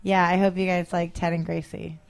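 A woman's voice: fairly low pitch, flat delivery, brisk, vocal fry. A woman comedian as a guest in a casual interview, rambling and self-deprecating about her jokes.

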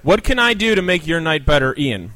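A man's voice: fairly high pitch, sing-song, a little fast, sharp tone. A man hosting a podcast from a bar, teasing his guest with sarcastic banter. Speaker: podcast host. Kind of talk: talk show hosting banter.

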